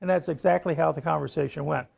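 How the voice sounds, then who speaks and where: An older male professor tells a class a story from his career. His voice sits a little high and carries a gravelly fry. He keeps stopping to ask "okay?". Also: steady tone, quick pace, a little mellow. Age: around 70. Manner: storytelling, frequent "okay?" check-ins. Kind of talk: classroom lecture anecdote.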